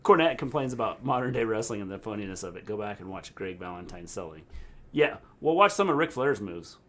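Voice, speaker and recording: A man's voice: lowish voice, very animated, a little fast, fairly bright tone. A middle-aged man co-hosting a casual livestream chat, making blunt, dry remarks. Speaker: co-host.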